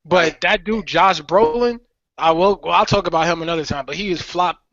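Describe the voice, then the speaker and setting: A man's voice: high-pitched, fairly quick, fairly bright tone. A young man co-hosting a podcast in casual chat, emphatic and slangy as he gives his opinions. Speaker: podcast co-host. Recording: dry dull lo-fi podcast audio.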